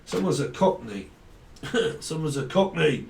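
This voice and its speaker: A man's voice: a little high, sing-song, slow pace, vocal fry. Rambling man channelling a tarot reading. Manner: rambling, free-associating, laughs often. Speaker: tarot reader. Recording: echoey room, mic at a distance.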